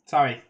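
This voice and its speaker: A streamer reading a webcomic live, excitable, laughing often and restarting sentences. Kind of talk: casual live-read commentary.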